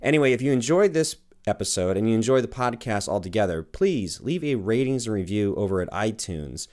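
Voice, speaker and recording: Man, podcast host, low voice, easygoing, encouraging. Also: lively intonation, a little fast, darkish tone. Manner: easygoing, encouraging, laughs along. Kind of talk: casual interview and podcast outro.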